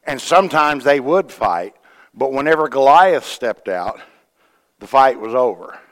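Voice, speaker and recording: A man's voice: medium pitch, animated, unhurried, big-room sound. A man preaching a sermon, retelling a scripture story in a folksy way with quoted voices and asides to the church. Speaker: pastor.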